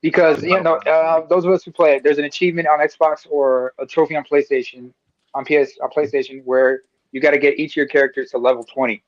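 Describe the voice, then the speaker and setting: A man on an online panel chatting easily, thinking out loud as he talks. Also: on the high side, fairly even intonation, fast talker, no room sound. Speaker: panel guest. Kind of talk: casual panel chat. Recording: dull lo-fi call audio.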